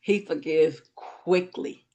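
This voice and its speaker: A woman with a lowish voice hosts a casual conversation. She tells stories with lots of energy, and her pitch leaps up when she is excited. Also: slow pace, gravelly. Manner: animated storyteller, voice jumps up when excited. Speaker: host. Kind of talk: casual chat.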